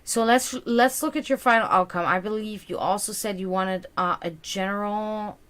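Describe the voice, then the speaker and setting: A woman with a mid-range, fairly bright voice speaks at a moderate pace while giving a viewer a live-streamed tarot reading. She sounds reassuring but tired, yawning as she goes, and fills her talk with fillers and repeated words.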